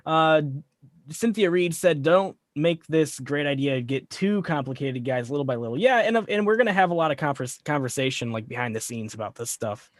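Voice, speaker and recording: A man's voice: fairly high pitch, lively intonation, moderate pace, no echo, studio quality. A man hosting a casual livestream chat, easygoing, reading out viewer comments with frequent restarts. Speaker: livestream host.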